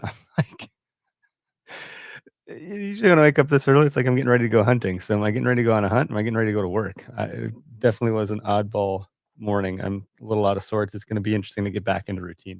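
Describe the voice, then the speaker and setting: A man's voice: fairly low pitch, very fast, vocal fry, no echo. Rambling slightly breathless man, dry sound. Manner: rambling, reads comments aloud, many fillers. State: a bit out of breath, stuffy nose. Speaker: host of a hunting podcast. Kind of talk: casual live stream chat. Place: home, early morning. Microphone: computer mic at home.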